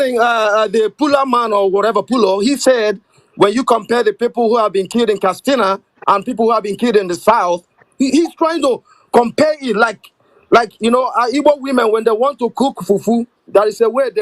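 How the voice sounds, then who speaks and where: Angry high-voiced man caller. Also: no room sound, rough recording. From Nigeria. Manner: bitter, heated and confrontational. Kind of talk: angry call-in rant.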